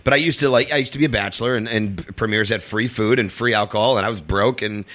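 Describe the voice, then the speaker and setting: Guy rattling off a story super fast, bright voice, lots of likes and ums, does little high voices for quotes. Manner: rambling, filler-heavy, acts out quotes in a high voice. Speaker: comedian guest. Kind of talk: casual storytelling chat.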